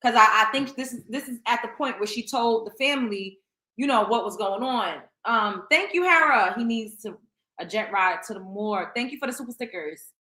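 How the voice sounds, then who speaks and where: A woman's voice: fairly high pitch, normal speed, bright, forceful tone. A woman hosting a commentary show, reading out text messages and reacting bluntly with profanity. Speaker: host. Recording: echoey room.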